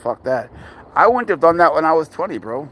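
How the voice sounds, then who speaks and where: A man's voice: a little high, very animated, a little fast, a bit bright. A man filming his cat at an outdoor playground, chatting casually with profane, exasperated banter. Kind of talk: casual vlog chat.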